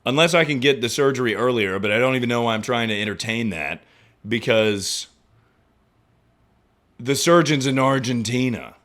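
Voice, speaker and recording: A young man streaming, chatting casually and profanely about his injury, mocking himself with sudden loud outbursts. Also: mid-range voice, moderate pace, long pauses. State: injured, in pain. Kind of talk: casual livestream chat.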